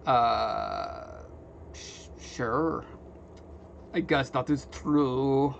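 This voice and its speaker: A relaxed young man chats on a workshop stream. He rambles easily and reads out viewer comments as he goes. The audio sounds a little dull, with a faint hum of noise behind him. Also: medium pitch, extremely slow, creaky. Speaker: livestreamer. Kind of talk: casual chat while working, reading chat. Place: home workshop.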